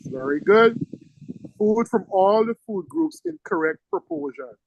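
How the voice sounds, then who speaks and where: A male teacher giving a classroom lecture, lively and teasing, firing questions at his students. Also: very high-pitched, unhurried, gravelly, lo-fi sound, slight background noise.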